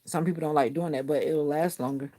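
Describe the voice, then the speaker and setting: A woman's voice: low voice, fairly even intonation, fast talker, mellow. A middle-aged woman hosting a casual livestream from her bedroom, rambling and joking with her viewers. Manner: rambling, laid-back and joking. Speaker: livestream host. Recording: noisy home livestream.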